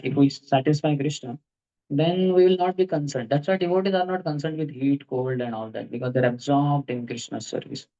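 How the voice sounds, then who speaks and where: A man's voice: mid-range voice, mellow, dull audio. A man giving a devotional lecture to students, telling stories, chuckling and asking rhetorical questions.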